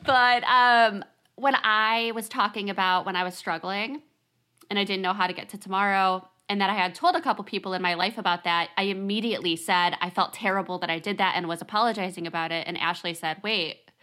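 A woman co-hosting a podcast chats casually and animatedly, laughing frequently. Her voice is medium-pitched and sharp in tone, and she speaks briskly.

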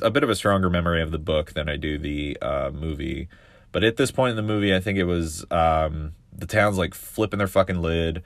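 Deep-voiced man rambling casually. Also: no echo. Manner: rambling, with many fillers and profanity. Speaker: podcaster. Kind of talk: casual solo podcast talk.

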